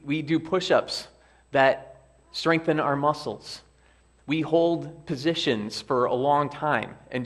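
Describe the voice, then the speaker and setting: A man pastor preaching a sermon in church and reading a story aloud with earnest emphasis. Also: medium pitch. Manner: earnest, reads quoted lines with lively emphasis. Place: church sanctuary.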